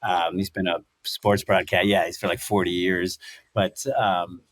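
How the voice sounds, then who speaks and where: A man in his fifties, a guest in a casual interview, telling stories in an animated way, acting out quotes and laughing often. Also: deep voice, unhurried, no room sound. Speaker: guest, former fighter and commentator.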